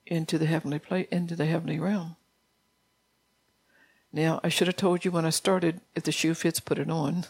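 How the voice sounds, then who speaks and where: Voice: medium pitch, creaky. A preacher giving an informal, folksy sermon in a conversational way, often breaking into laughter.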